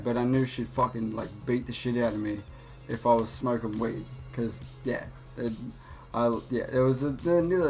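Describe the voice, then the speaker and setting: A young man hosting a gaming channel, telling a rambling, profane story with many restarts while he plays. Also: medium pitch. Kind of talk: casual storytelling over gameplay.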